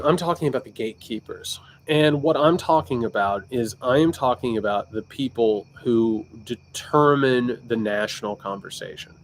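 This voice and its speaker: Animated man with a Southern Indiana accent. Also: medium pitch, a little slow, few pauses, slight background noise. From Indiana, United States. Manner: loose and candid, sipping bourbon, reading viewer questions; animated, with frequent restarts. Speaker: political commentator livestream host. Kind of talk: casual livestream talk.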